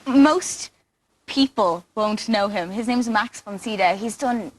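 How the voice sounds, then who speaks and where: A woman's voice: mid-range voice, slow. A teenage girl chatting casually as an actress guest in a TV studio, giggly and talkative. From Ireland. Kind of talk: casual interview chat.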